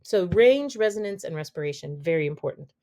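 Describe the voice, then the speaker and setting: A woman's voice: on the low side, expressive, brisk, darkish tone. A woman, a vocal health expert guest on a podcast, explaining and demonstrating speaking habits, often checking in with "okay?". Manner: demonstrates voices while teaching, says "okay?" often.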